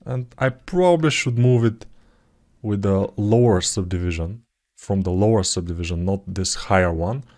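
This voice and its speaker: A man talking through his 3D sculpting work in a live tutorial, thinking aloud in a relaxed, self-deprecating way, with typing heard behind him. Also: on the low side, normal speed. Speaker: 3D artist tutor.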